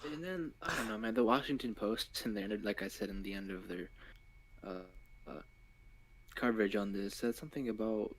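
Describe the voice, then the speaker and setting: A man's voice: on the low side, normal speed, low-quality recording. A man on a casual chat stream who reads news quotes aloud and comments offhand.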